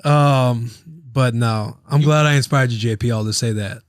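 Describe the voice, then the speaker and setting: A man's voice: medium pitch, normal speed, clean tone, no echo. A man in his thirties hosting a podcast, rambling and joking, with casual swearing and a loose ad read. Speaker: podcast host.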